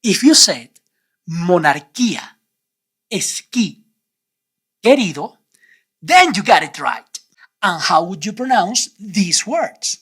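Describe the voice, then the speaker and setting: A man leads a Spanish pronunciation lesson with an animated voice that rises and falls freely. His tone is a little husky. He speaks slowly and deliberately, pausing to quiz the viewer. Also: high voice. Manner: clear, deliberate teacher's delivery with quiz questions. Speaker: Spanish teacher.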